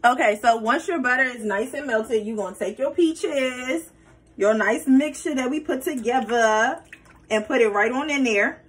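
A woman hosting a home cooking video, playful and chatty as she talks her viewers through each step. Her voice sits a little high and has a husky edge. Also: normal speed, low-quality recording. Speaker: cooking vlogger. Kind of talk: casual cooking tutorial.

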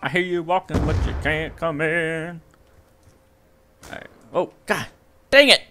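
A young man giving live gameplay commentary as a video host, excitable and yelping at sudden action. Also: fairly high pitch, measured pace, slight background noise.

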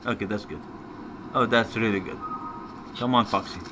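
A man's voice: on the low side, steady tone, moderate pace, background noise. A man commentating a video game playthrough, given to frustrated outbursts and swearing. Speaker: gamer. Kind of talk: let's play commentary.

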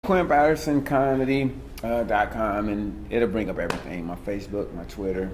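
A man's voice: lowish voice, moderate pace, noisy background. A man who is a stand-up comedian, talking in a casual chat and telling stories with a laugh in his voice. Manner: animated, laughing storyteller. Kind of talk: casual interview and stand-up set.

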